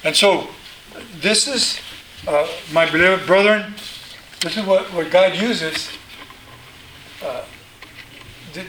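A middle-aged man preaches earnestly as a pastor, often stumbling over and repeating his words as he presses a point. His voice sits high and sounds bright and forceful. A faint hiss lies under the recording. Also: poor audio. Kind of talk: sermon.

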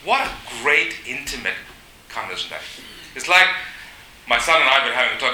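Male preacher, sermon with scripture reading, bright cutting voice, roomy echo. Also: medium pitch, sing-song, a little hiss or hum. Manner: reads scripture aloud, then comments with pauses and fillers. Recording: echoey room.

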